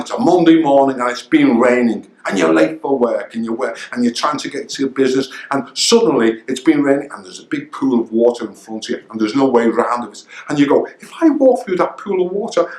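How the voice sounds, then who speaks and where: High-voiced older man coaching, echoey room. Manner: energetic, emphatic, repeats key phrases. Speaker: founder of a coaching academy. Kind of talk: motivational coaching talk. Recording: roomy echo.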